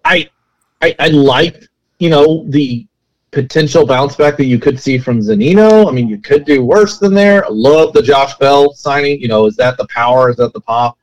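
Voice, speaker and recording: Man co-host, mid pitch, loose rambling sports talk. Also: normal speed, muffled recording. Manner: rambling, many restarts and fillers. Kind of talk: casual sports podcast chat.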